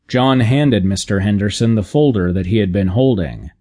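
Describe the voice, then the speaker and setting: A man narrating a humorous audiobook in a measured, deadpan reading. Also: fairly low pitch.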